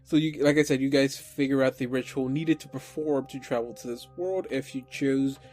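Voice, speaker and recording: A man's voice: mid-range voice, fairly even intonation, normal speed, darkish tone. Guy gm rambling thru a tabletop session, faint music underneath. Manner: rambling, restarts, teasing. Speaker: game master. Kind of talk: running a tabletop game over casual chat.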